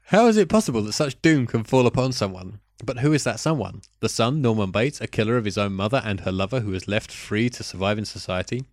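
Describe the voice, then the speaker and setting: A man's voice: on the low side, lively intonation, fast talker, few pauses, no room sound, studio quality. A man putting on a mock French accent to voice a pompous male film critic with grand, lofty phrasing. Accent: put-on French.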